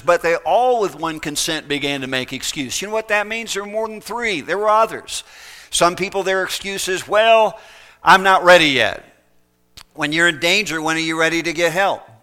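Male preacher, fairly high, bright clear voice, urgent evangelistic sermon with acted-out quotes. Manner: urgent, pleading.

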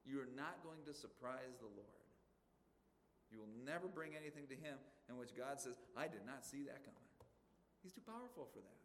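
A man's voice: medium pitch, very animated, brisk, fairly bright tone, a little hiss or hum. A man from the western United States preaching a sermon as pastor, emphatic and conversational, firing off rhetorical questions to his church. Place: church sanctuary. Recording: long reverb of a large hall.

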